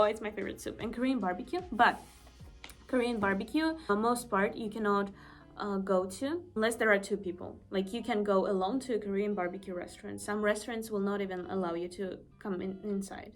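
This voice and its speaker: A young woman from Estonia chatting casually to the camera as a vlogger, emphatic and repeating her points. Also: a little high.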